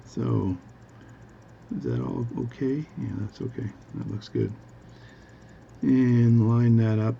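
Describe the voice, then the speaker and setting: A man's voice: mid-range voice, takes it slowly, gravelly, mellow, muffled recording, a little hiss or hum. A man casually chatting while cleaning a watch at his bench, rambling with jokey asides. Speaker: hobby watchmaker. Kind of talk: casual workbench tutorial chat. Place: home workbench.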